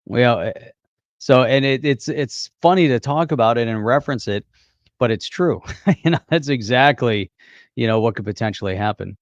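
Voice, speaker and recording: A man's voice: medium pitch, normal speed, no room sound, highs cut off. A man co-hosting a casual livestream chat, laughing easily and reading viewer comments. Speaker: co-host.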